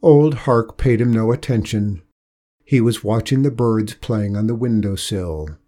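A man reading a folk tale aloud as narrator, in a slow, measured and gentle manner. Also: fairly low pitch. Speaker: storyteller. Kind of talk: storybook narration.

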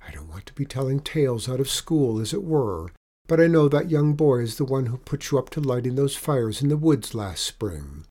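A stern but loving mother dragon, as a male narrator plays her, lecturing her son in a measured voice. The tone stays warm and dark. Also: mid-range voice, big pitch swings.

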